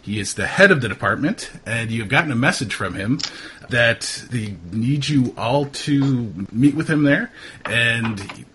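A man with a bright, forceful voice narrates a tabletop game as its game master. He talks in a relaxed, halting way, full of ums and uhs. A faint hiss sits under his voice. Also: mid-range voice. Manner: relaxed, hesitant, many fillers.

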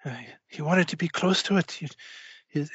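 A frantic, urgent aide clutching a briefcase, as a man puts him on, his voice pitched well above the speaker's own. He pleads and blurts in rushed bursts. The sound is dull and lo-fi. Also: steady tone, a bit bright, breathy edge, no echo.

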